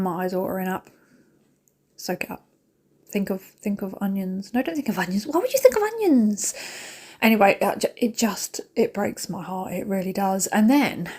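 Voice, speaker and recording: A chatty woman with a British accent talks her viewers through a day of cleaning, her voice sitting at an ordinary middle pitch. She rambles from one thing to the next, addresses the audience directly and is quick to laugh at herself. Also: a little mellow. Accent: British English. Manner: emotional, self-mocking. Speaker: cleaning vlogger. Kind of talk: casual chat while cleaning.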